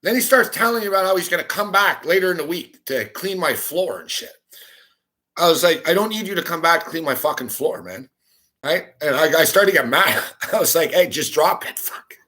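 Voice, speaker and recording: A male sports talk host tells a story in a casual, exasperated rant. He swears freely and laughs often as he talks. His voice sits a little higher than most men's. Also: expressive, fairly quick, bright, forceful tone. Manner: profane, exasperated ranting with frequent laughs.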